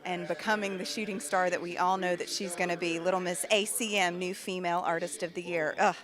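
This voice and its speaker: Bubbly woman hosting live radio. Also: mid-range voice. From Tennessee. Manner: bubbly, gushing. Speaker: radio show host.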